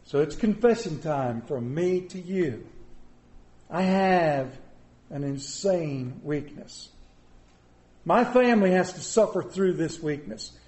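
A man's voice: high-pitched, expressive, unhurried, dark tone. A middle-aged man preaching a sermon as pastor, a folksy, joking storyteller. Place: church sanctuary. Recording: roomy church echo.

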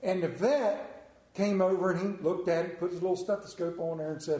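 A male preacher with a fairly high voice spins a folksy, humorous story before reading scripture. His voice rings through a reverberant church room, with an easy drawling delivery. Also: a little fast, mellow. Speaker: pastor. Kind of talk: sermon with jokes and scripture reading. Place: church sanctuary.

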